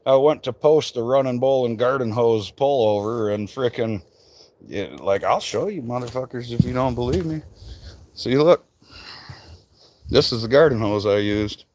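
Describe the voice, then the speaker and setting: A man's voice: mid-range voice, normal speed, a little mellow, a little hiss or hum. A man from Michigan who runs a tree business, chatting casually and swearing freely on a live stream from an outdoor work site. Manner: swears freely, loose rambling talk.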